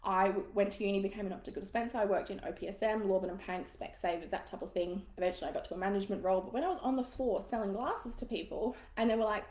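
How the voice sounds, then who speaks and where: A woman's voice: mid-range voice, racing, hardly any pauses, darkish tone, reverberant. A woman coaching business owners in a live masterclass, casual, frank and encouraging, swearing now and then.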